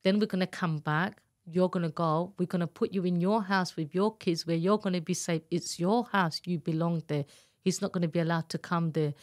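A woman tells her own story in an interview, with a voice that sits slightly low. She speaks candidly and earnestly and slips into the voices of the people she quotes. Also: steady tone, a little fast. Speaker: guest, abuse survivor telling her story. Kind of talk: emotional personal storytelling.

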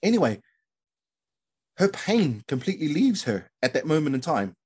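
Man, New Zealand accent, slightly high voice, husky tone, casual podcast storytelling, animated, lots of restarts. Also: moderate pace. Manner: animated storyteller, many fillers and restarts, says bro. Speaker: podcast guest.

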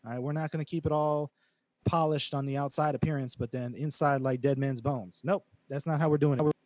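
A man's voice: fairly high pitch, steady tone, brisk, a little mellow, no room sound. A man from the United States co-hosting a podcast, talking emphatically in a preachy way and quoting scripture. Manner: emphatic, preachy, quotes scripture, mocks critics in quoted voices. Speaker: podcast co-host. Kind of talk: casual podcast talk, preaching tone.

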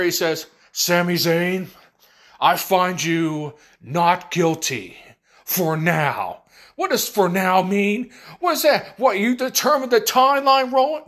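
A man hosting a podcast, recapping wrestling in an animated, sarcastic casual way. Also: sits high. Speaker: podcast host.

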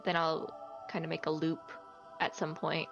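A woman's voice: deep voice, monotone, moderate pace, creaky, over music. Woman player, slightly dull recording. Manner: hesitant, describing her character's actions. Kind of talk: casual tabletop play.

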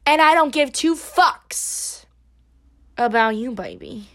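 A tipsy young woman hosting a casual solo podcast, playful and self-mocking, swearing often and shifting between loud outbursts and mumbled asides. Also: fairly high pitch, big pitch swings, slow. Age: young adult. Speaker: podcast host.

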